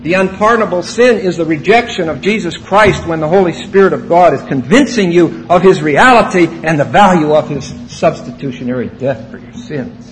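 A man preaching an expository sermon, emphatic and rising to loud exclamations. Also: a little high, moderate pace, few pauses, a little hiss or hum, low-quality recording.

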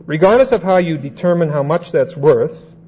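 A man's voice: a little high, expressive, mellow, highs cut off, a little hiss or hum. A man giving a conversational Bible lesson, repeating his points and checking in with his listeners. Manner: unhurried, repeats points and checks understanding with "okay?". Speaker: Bible teacher.

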